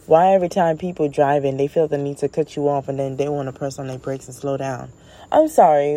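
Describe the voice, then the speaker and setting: A woman with a low, mellow voice holds forth in a casual comedic rant. She is blunt and profane, and she tells her stories with animated energy as the host of her own show. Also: a little fast, gravelly, poor audio. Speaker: podcast host.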